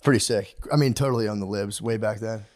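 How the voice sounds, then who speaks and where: A man's voice: lowish voice, fast, a little mellow. A man in his thirties co-hosting a podcast in casual chat, rambling and profane, acting out quotes in put-on voices. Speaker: podcast co-host.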